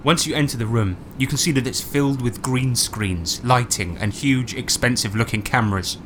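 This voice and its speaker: A man's voice: medium pitch, moderate pace, noisy background. A man narrating a tabletop role-playing game as game master, wry and playful.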